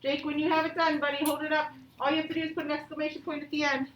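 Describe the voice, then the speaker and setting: High-voiced woman teacher, patient. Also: flat delivery, highs cut off, slight background noise. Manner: patient, encouraging, reads example sentences slowly. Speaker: elementary school teacher. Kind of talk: classroom grammar lesson. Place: classroom, also streamed to pupils at home. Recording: echoey classroom from far off.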